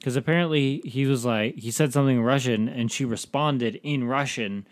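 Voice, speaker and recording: A man's voice: medium pitch, normal speed, no room sound. A man co-hosting a casual TV review chat, rambling and acting out characters' lines in quotes. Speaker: podcast co-host reviewing a TV episode.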